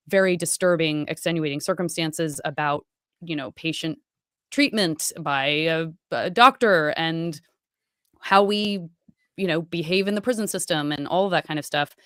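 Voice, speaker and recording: Low-voiced earnest woman podcast host. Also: normal speed, fairly bright tone, no echo. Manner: earnest, emphatic, repeats words. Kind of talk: casual conversation.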